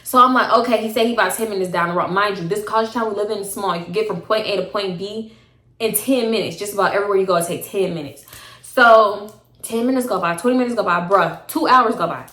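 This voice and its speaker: A young woman telling a personal story to camera in a casual, slangy, animated way. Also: medium pitch, fast talker. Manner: animated, slangy, acts out both sides of arguments. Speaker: storytime vlogger. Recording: echoey room.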